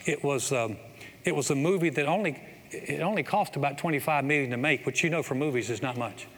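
A middle-aged man preaching in a church sanctuary, his voice bright and a little high for a man. He tells a story in a lively, building way, with a long reverb tail ringing off the hall and faint room ambience behind. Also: a little fast, slightly rough. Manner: storytelling, builds to excited exclamations. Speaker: pastor. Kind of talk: sermon.

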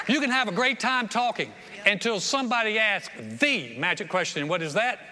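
A man preaching a lively sermon as pastor, repeating phrases and acting out other people's voices, on a stage microphone in a church auditorium. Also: sits high, normal speed. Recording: long hall reverb, faint room noise.

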